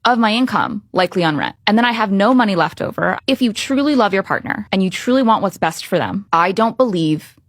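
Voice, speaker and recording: A woman's voice: medium pitch, lively intonation, a little fast, few pauses, no room sound. Brief: confident woman making a point, firm and lecturing, dry recording. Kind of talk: opinion clip on dating and money.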